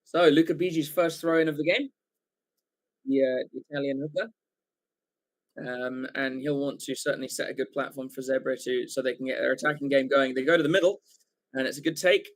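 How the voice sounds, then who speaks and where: English male watchalong commentator, excitable rambling play-by-play, mid-pitched voice. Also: a little fast. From England. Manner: excitable, rambling with fillers and self-corrections. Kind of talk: live rugby play-by-play commentary.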